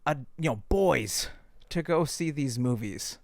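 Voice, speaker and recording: A man's voice: mid-range voice, expressive, unhurried, gravelly, dry recording, clean studio sound. A man co-hosting a casual comedic podcast, throwing in sarcastic quips and jokes. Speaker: podcast co-host.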